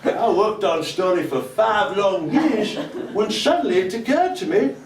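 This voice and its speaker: A man playing a dotty Northern English inventor who tells absurd stories deadpan, in a put-on Northern English accent. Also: high voice, measured pace, slight background noise, exaggerated voice. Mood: earnest. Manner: rambling, deadpan absurd storytelling. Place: comedy club stage. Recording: roomy live club, distant mic, audience laughter.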